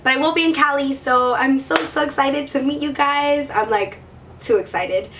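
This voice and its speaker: A woman's voice: high voice, moderate pace, recorded from a distance, noisy background. A woman beauty vlogger chatting to camera while sick with a sore throat, gushing and peppering her talk with "like". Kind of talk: casual chat to camera.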